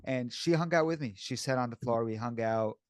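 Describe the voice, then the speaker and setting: This is a man co-hosting a podcast in a loose, candid way. His voice sits at a middle pitch. The mic picks him up close, and the sound is dry with no room to it. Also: a little fast, no echo. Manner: casual and candid, says "bro" and "dude" often. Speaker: podcast co-host. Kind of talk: casual podcast chat.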